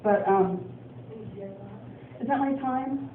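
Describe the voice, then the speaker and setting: A woman's voice: high voice, slow, a crowd in the background. A woman from Portland, Oregon, doing a stand-up comedy set, rambling with lots of ums and laughs. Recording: distant, echoey, phone-like club recording.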